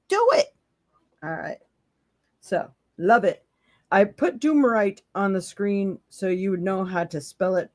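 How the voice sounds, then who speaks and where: A psychic tarot reader and podcast host speaks in a fairly low, darkish voice. She runs a live tarot stream, talking casually, laughing often and offering blunt encouragement. The studio sound is clean, with no room sound.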